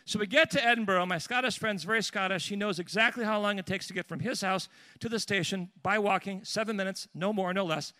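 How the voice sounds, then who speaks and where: A man preaching and telling a lively personal story, with restarts and asides along the way. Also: sits high, fairly quick, dry recording. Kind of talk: storytelling sermon.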